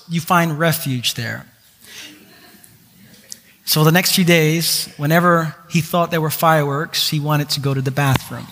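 A man preaching a sermon, telling a personal story in an animated way with self-mocking humor. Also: a little high, unhurried, pauses often. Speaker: pastor. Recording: long reverb of a large hall.

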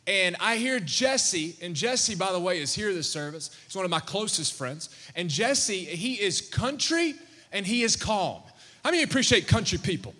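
A man preaching to his congregation, telling a story with animated energy and calling questions out to the crowd. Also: sits high, normal speed. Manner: animated, calls out questions to the audience. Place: church sanctuary. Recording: long church-hall reverb.

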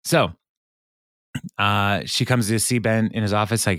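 Low-voiced man recapping a show. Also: steady tone, unhurried, a bit bright, dry recording, studio quality. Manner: chatty storyteller, paraphrases characters' lines. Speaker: podcast co-host recapping an episode. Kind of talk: casual chat.

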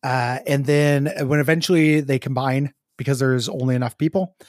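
A man's voice: mid-range voice, fairly even intonation, normal speed, no room sound, clean studio sound. A man co-hosting a casual chat, joking crudely and laughing often. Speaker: podcast co-host.

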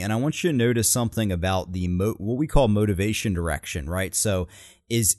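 A man's voice: fairly low pitch, no echo, studio quality. A man co-hosting a podcast, casually breaking down a political speech and animatedly quoting lines. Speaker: podcast co-host analyzing speeches. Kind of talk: casual analytical chat.

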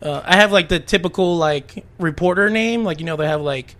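A man co-hosting a casual podcast, rambling and animated with plenty of fillers. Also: high voice, brisk. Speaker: podcast co-host.

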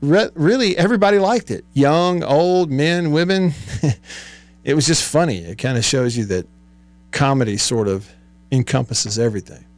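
A man's voice: fairly high pitch, normal speed, dry recording. Chatty man hosting radio. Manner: chatty, laughs often, gets worked up. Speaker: sports radio host. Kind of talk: casual radio talk, reading listener texts. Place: radio studio. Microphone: studio microphone.

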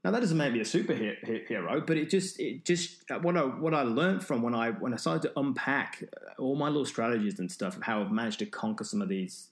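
A man's voice: mid-range voice, animated, brisk, hardly any pauses. A man who is an endurance runner, telling a story as an interview guest, rambling with many restarts. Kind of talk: storytelling in conversation.

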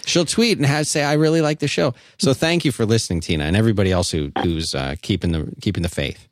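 A man's voice: on the low side, fast talker, few pauses, dry recording, clean studio sound. A man hosting a call-in podcast, chatting loosely and joking, reading an ad in an offhand way. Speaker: podcast host taking calls. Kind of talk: casual call-in podcast talk.

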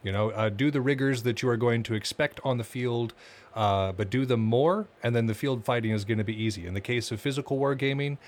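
A man co-hosting a podcast in casual chat, talking in a relaxed, loose way with frequent filler words. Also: mid-range voice, fairly quick. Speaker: podcast co-host.

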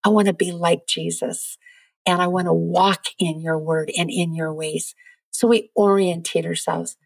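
A woman's voice: lowish voice, unhurried, creaky, slightly rough, no echo. Earnest woman telling faith stories. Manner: earnest, lively storyteller. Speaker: guest. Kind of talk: faith testimony in a podcast interview.

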